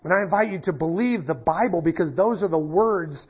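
High, husky-voiced pastor preaching. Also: male voice, a little fast. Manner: conversational storytelling with frequent restarts; emphatic and earnest when preaching. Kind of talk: sermon. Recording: slightly dull lo-fi sound.

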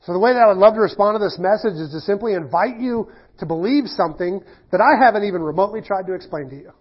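A man's voice: high-pitched, lively intonation, fast, slightly rough. A middle-aged male pastor preaching a sermon, telling a story casually with many restarts, then turning earnest and emphatic. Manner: conversational storytelling with frequent restarts. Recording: slightly dull lo-fi sound.

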